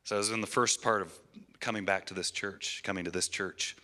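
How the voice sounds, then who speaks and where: A man's voice: low-pitched, fairly even intonation, brisk, pushed and bright. A man in his thirties giving an earnest, emotional testimony in a church sermon, often restarting his phrases. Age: 30s.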